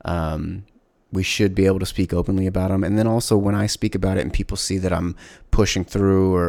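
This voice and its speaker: Low gravelly man, candid and halting. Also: a little mellow, no echo. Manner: candid, reflective, halting with many restarts. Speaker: podcast host. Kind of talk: casual solo podcast monologue.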